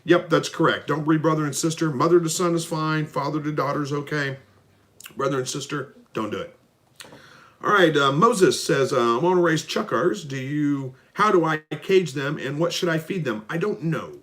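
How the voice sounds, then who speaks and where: Relaxed man answering viewer questions. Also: on the high side, moderate pace. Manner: relaxed, folksy, reads comments aloud then answers. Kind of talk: casual live Q&A about raising rabbits and quail.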